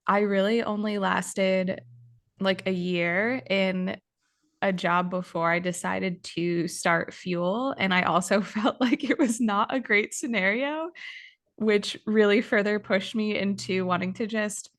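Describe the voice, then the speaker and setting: A woman's voice: medium pitch, steady tone, slow. A woman hosting a podcast, speaking in a reflective, supportive way with a casual tone and frequent use of "like". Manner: reflective, supportive, uses "like" often. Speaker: podcast host, dietitian.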